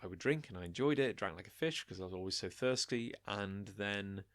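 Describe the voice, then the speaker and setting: A young man with a lowish voice tells drinking stories on a podcast, slipping into quoted voices and laughing along. The sound is dry and close, with no room around it. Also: expressive, fairly quick, dry recording. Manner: rambling anecdotes with acted-out quotes, laughing. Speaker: podcast co-host. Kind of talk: casual chat.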